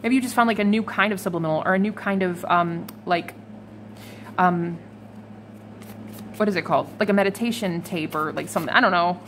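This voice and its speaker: A woman's voice: on the low side, a little fast, long pauses, a bit bright, a little hiss or hum. A woman giving a casual, chatty tarot reading to her viewers, swearing freely and laughing now and then. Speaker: tarot reader.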